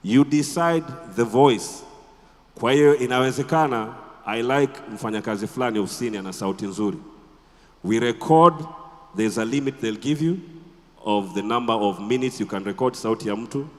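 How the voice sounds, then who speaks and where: A man with a Tanzanian accent giving a conference talk as a radio presenter, animated and quizzing the audience with rhetorical questions. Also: mid-range voice, normal speed, big-room sound. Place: conference hall.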